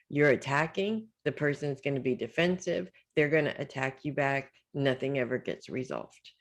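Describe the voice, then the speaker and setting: In her weekly psychic reading, offered as casual advice, this woman speaks in an animated bass voice with vocal fry at a moderate pace. Her style is informal and reassuring, peppered with "okay?" and "right?" and trailing "blah, blah".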